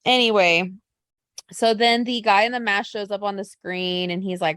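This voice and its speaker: A woman co-hosting a casual chat podcast, talking at a middle pitch. She tells stories in a gushing, animated way. The recording is dry and close, with no room sound. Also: moderate pace, clear, resonant tone, no echo. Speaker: podcast co-host.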